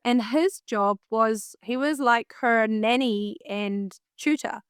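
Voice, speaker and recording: A woman with a New Zealand accent telling a story in a casual interview, lively and acting out her own past thoughts. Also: on the high side, slow pace, clear, resonant tone, no room sound, studio quality. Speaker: guest, singer and vocal coach.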